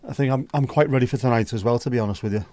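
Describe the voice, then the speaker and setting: A man's voice: medium pitch, very fast, warm tone. Chatty Scouse man hosting a stream. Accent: Liverpool (Scouse). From Liverpool, England. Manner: chatty, greets viewers by name, banters and grumbles at his setup. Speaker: livestream host. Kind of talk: casual live-stream chat.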